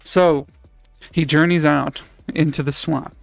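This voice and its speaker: A man improvises a story during a board game stream, playful and giggly. His voice is fairly high, gravelly and slow. Faint music plays behind the dry, close sound. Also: steady tone, no echo.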